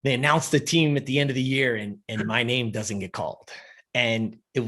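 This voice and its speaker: A man in his fifties telling a personal story in an interview, animated and profane, often checking in with "you know" and "right". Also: medium pitch, normal speed. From US West Coast. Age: 50s. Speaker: interview guest.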